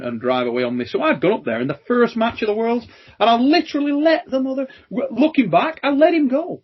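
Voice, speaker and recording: A British man hosting a podcast, telling lively stories, acting out quoted lines and swearing freely. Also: mid-range voice, husky, highs cut off. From Britain. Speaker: podcast host and armwrestling champion. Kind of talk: casual chat, storytelling.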